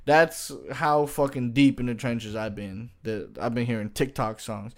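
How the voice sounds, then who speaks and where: A man's voice: mid-range voice, lively intonation, unhurried, a bit bright. Slangy, profane joking man. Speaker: streamer. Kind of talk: casual comedic rant to camera.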